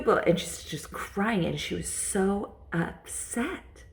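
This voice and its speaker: Woman vlogging, low gravelly voice, rambling chatty story with lots of "you know". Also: animated, takes it slowly. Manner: rambling, repeats herself, many fillers. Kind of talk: casual storytelling to camera.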